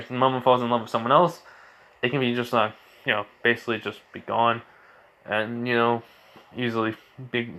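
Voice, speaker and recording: A man's voice: mid-range voice, fairly bright tone, smooth. A man improvising a fan story aloud, rambling and full of fillers and restarts.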